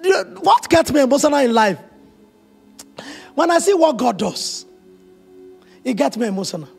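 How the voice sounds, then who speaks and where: A man preaching a sermon as pastor, telling stories with emotional, animated quoted dialogue. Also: very high voice, normal speed, vocal fry, soft background music.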